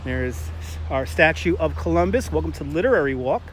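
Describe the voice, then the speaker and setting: His voice runs on the high side and is expressive, moving at a moderate pace with a touch of hiss or hum. He's a Brooklyn man with a New York accent giving a casual live-stream walking tour outdoors in a city park, greeting viewers, joking and laughing often.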